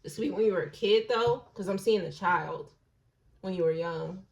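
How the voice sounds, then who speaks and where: A woman giving a casual intuitive tarot reading, slangy and blunt, musing aloud and dropping into soft hushed asides. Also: lowish voice, moderate pace, muffled recording. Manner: slangy and blunt, with occasional swearing. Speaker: tarot reader.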